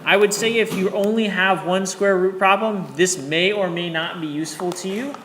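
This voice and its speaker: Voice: medium pitch, moderate pace, fairly bright tone. A math teacher giving a classroom lesson in an encouraging way, often checking in with students. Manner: encouraging, checks in with 'okay?' and 'all right'. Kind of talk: classroom lecture. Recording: echoey classroom, faint background noise.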